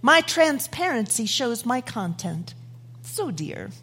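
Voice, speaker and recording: A woman's voice: on the high side, big pitch swings, slow pace, a bit bright, husky, heavily acted. A woman reciting as a fragile, proud crystal goblet. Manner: prim, proud.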